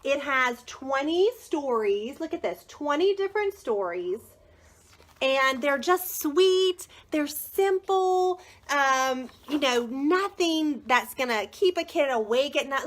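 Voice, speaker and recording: A woman's voice: sits high, lively intonation, takes it slowly, a bit bright. A woman selling children's books in a casual live-stream chat, gushing and enthusiastic and rambling with fillers. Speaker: children's book consultant.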